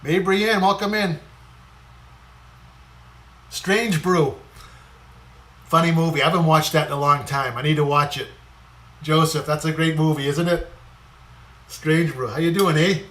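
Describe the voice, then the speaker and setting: Man, fairly high voice, casual live-stream host chatting with viewers while cooking. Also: fairly even intonation, measured pace, pauses often, a bit bright. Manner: chatty, greets viewers by name while eating.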